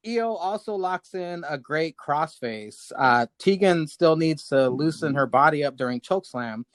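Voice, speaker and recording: A man co-hosting a podcast, reading his match notes with crude jokes in a deadpan way. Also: a little high, unhurried, no echo, studio quality. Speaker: podcast co-host.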